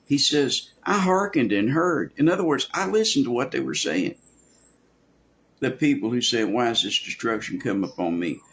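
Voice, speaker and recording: A man's voice: medium pitch, moderate pace, a bit bright. A man preaching a verse-by-verse sermon in a folksy way, acting out quoted voices, with many restarts. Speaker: pastor. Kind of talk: expository sermon.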